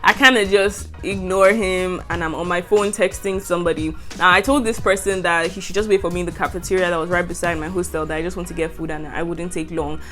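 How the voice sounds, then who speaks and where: A woman's voice: fairly low pitch, steady tone, fast, few pauses, fairly bright tone, soft background music. A young woman from Nigeria with a Nigerian English accent, telling a university story in a storytime vlog and laughing often. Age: young adult. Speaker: university student vlogger.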